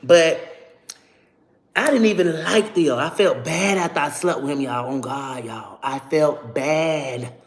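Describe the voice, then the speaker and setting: A woman telling a personal story to her viewers in a casual, animated and profane way. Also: deep voice, slow pace. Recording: roomy echo.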